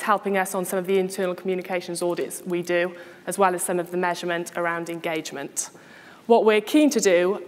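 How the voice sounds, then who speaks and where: A woman giving a brisk conference presentation. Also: on the low side. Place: conference hall. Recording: long hall reverb.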